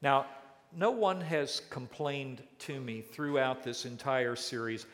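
A man's voice: medium pitch, slow, fairly bright tone. A man preaching a sermon as pastor, with emphatic rises and falls in his delivery. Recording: long church reverb.

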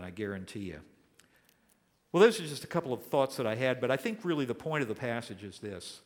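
A man in his sixties preaching a sermon, earnest and emphatic, slowing down to stress key words. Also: medium pitch, long reverb tail. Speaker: pastor.

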